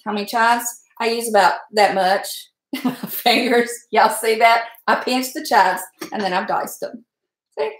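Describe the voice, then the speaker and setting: A woman's voice: fairly high pitch, measured pace, echoey room, poor audio. A woman hosting a live cooking stream, chatty and folksy, greeting viewers and laughing often. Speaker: cooking livestream host. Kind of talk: casual live cooking demo. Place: home kitchen.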